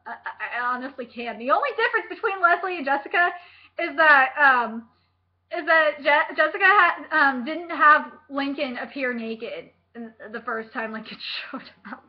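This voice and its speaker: A young woman vlogger chatting about a book, gushing and excitable, with lots of fillers and casual swearing. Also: high-pitched, normal speed, dull audio.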